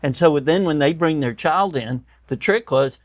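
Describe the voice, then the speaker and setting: Animated older male storyteller, dry sound. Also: a little high, normal speed, dry recording. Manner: animated storyteller acting out quoted voices, tears up. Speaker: doctor and guest. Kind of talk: storytelling in conversation.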